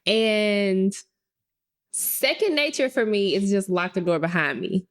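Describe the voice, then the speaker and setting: A woman's voice: medium pitch, slow. A woman in her thirties co-hosting a podcast, telling a story casually and acting out the quotes. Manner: expressive, acts out quotes. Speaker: podcast co-host.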